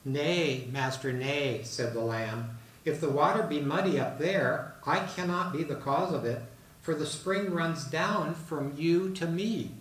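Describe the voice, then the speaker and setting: A man's voice: on the high side, unhurried, natural voice. Meek young fable lamb, read aloud by a man; recorded at a distance in a hall. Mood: pleading. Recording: roomy hall, mic at a distance.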